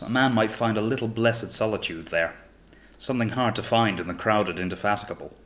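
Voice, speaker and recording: A male narrator reading an audiobook in a steady, measured way. His voice sits on the lower side.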